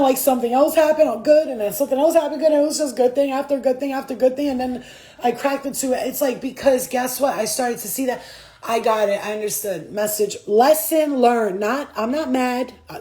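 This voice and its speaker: A woman's voice: fairly high pitch, warm tone. A woman in a casual spiritual vlog, talking loosely and with lots of swearing, often laughing and acting out voices as she tells her story. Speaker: spiritual reader.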